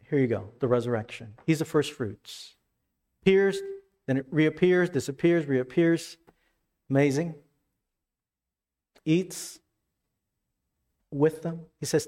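A pastor preaching a sermon, animated and casual, rising with excitement as he retells scripture scenes. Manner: animated, rises in pitch when retelling scenes.

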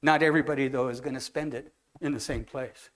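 A man preaching a relaxed, anecdotal sermon to a church congregation, telling stories and talking with people in the room. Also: medium pitch, quick pace. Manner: conversational, anecdotal, walks among the congregation. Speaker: guest preacher. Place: church hall.

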